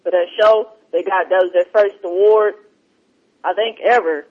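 A man hosting an online radio show, telling a story in casual, animated, profane chat. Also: high voice, normal speed. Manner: animated, profane, laughs while telling stories. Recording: dull lo-fi online radio stream.

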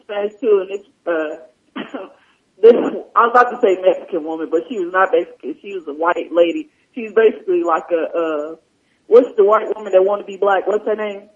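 A woman's voice: medium pitch, fairly quick. A woman hosting a podcast, telling stories casually with plenty of fillers and swearing. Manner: loose, profane storytelling with frequent fillers. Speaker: podcast host. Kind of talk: casual chat. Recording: dull lo-fi sound.

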